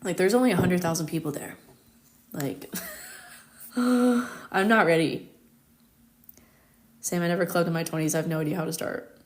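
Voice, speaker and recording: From her home in Paris, a thirty-year-old American astrologer chats on her live stream in a lowish, slightly mellow voice, steady in tone and quick in pace. She tells stories casually, leaning on "like" constantly and laughing often.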